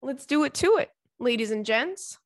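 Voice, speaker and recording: A woman's voice: high-pitched, animated, moderate pace, no room sound, studio quality. A woman hosting a casual solo podcast from home, telling candid, profane stories in a chatty way. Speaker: podcast host. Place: home, indoors.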